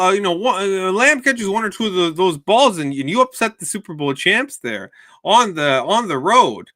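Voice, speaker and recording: A man's voice: a little high, sharp tone. A man hosting a sports betting show, giving heated, rambling commentary with many restarts and repeated words.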